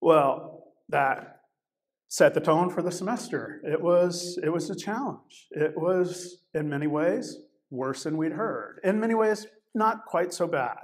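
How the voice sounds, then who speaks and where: Man with a slightly high voice preaching. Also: lively intonation, a little slow. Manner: conversational, with frequent fillers and restarts. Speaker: guest preacher. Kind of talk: sermon with personal storytelling. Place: church service, also streamed online.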